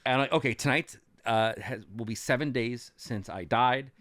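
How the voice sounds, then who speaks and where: A man co-hosting a podcast, retelling events casually with an animated storytelling manner and frequent ums. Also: mid-range voice, moderate pace, no room sound. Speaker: podcast co-host recapping as a cast member. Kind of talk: casual chat.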